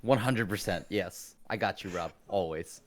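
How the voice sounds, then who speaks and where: A man's voice: sits low, moderate pace, crowd noise. A man from California with a Californian accent, laid-back and giggly, chatting as a first-time player. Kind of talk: casual stream chat.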